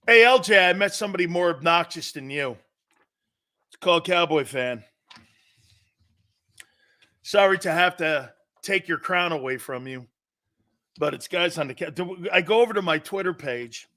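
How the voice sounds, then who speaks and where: A man's voice: high-pitched, animated, moderate pace, long pauses, sharp tone. A man hosting a sports talk show, ranting brashly with profanity and frequent laughter. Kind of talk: casual sports radio talk.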